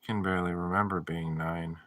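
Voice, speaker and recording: A man with a deep, fairly bright voice talks a little fast with fairly even intonation, and there's no echo. He's a livestreamer chatting casually, joking around playfully and reading viewer chat messages aloud.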